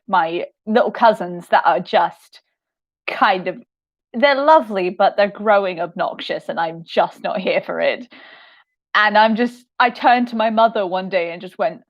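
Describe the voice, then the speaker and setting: A woman's voice: medium pitch, lo-fi sound. A young woman writing an audio drama podcast, chatting casually through audience questions on a livestream with a giggly, self-deprecating manner.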